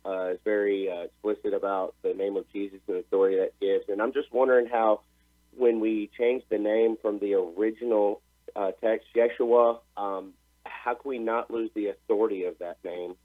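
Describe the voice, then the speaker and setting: A man calling in to a radio show, polite and respectful, pausing with hesitations as he asks his question. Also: lowish voice, fairly even intonation, no echo. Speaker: caller. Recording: tinny phone line.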